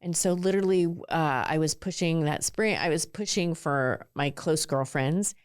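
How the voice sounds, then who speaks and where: This is a low-voiced woman in her forties from southern California, an ice cream entrepreneur appearing as a guest in a casual interview. She tells her story candidly at a moderate pace, peppering it with "like." Her tone is clear and resonant, recorded at studio quality with no room sound.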